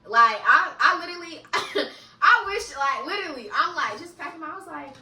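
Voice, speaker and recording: High, bright-voiced young woman telling a story. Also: normal speed, recorded from a distance, slight background noise. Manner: animated, laughing, frequent swearing. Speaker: vlogger. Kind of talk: casual story time. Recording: echoey room, voice away from mic.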